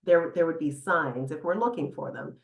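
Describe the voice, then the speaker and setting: A middle-aged woman psychotherapist, appearing as a guest on a casual podcast interview, speaks in a fairly low, gravelly voice at a normal pace. Animated and warmly humorous, she laughs easily and guides the listener through an exercise. The recording echoes like a live room.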